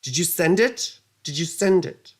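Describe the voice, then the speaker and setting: A woman's voice: fairly low pitch, expressive, a little slow. A woman astrologer giving a casual astrology lesson, easily flustered, muttering curses and wandering into rambling asides.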